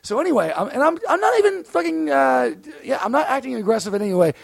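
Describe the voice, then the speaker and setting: A man telling a story in casual podcast chat, animated and profane, laughing mid-sentence. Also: very high voice, quick pace, vocal fry.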